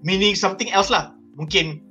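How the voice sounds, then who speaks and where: This is a Malaysian man giving his take on a panel, with an animated, emphatic delivery. His voice is bright and sits a little higher than most men's. Faint music plays behind him. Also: brisk, muffled recording. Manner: code-switching, animated and emphatic. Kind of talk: casual panel discussion.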